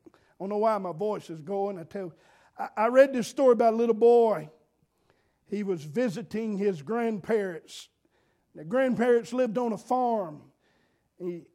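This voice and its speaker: A man's voice: high-pitched, mellow. A man preaching a folksy sermon, telling homespun stories in an earnest, repetitive way. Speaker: pastor.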